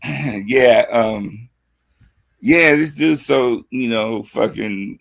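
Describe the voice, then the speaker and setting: A man's voice: mid-range voice, very animated, slow, creaky. A sleepy man who has just woken up, guesting on a livestream and rambling through a story with lots of fillers and crude slang.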